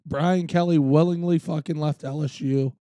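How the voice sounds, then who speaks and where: A man's voice: a little high, steady tone, normal speed, dark tone, clear, resonant tone, no echo. A young man co-hosting a casual sports podcast, laid-back and swearing freely. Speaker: podcast co-host.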